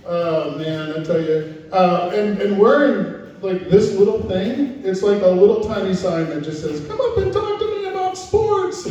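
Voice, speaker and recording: Stand-up comic, middle-aged man, high voice, warm tone, self-deprecating banter; echoey room, distant mic. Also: a little hiss or hum. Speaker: stand-up comedian. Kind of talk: stand-up comedy with crowd work. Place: comedy night venue with a live audience.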